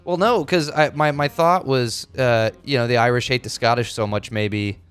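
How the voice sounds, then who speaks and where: A man's voice: mid-range voice, fairly even intonation, normal speed, fairly bright tone, clean tone, faint music behind. A man co-hosting a casual movie podcast, laid-back, swearing and trailing off as he hunts for names. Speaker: podcast co-host.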